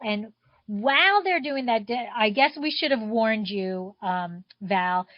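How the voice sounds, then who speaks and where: A woman co-host chats easily over a video call. Her voice sits a little high, and the line is dull and dry. She talks in a relaxed, friendly way. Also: slow, no room sound. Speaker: co-host of a wine show. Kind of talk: casual chat on a video call.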